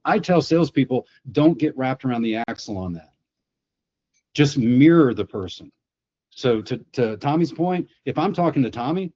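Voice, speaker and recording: A man's voice: medium pitch, lively intonation, moderate pace, a little mellow, husky, dull audio. A man on a video call explaining sales psychology through anecdotes, often restarting his words. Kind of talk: storytelling on a webinar panel.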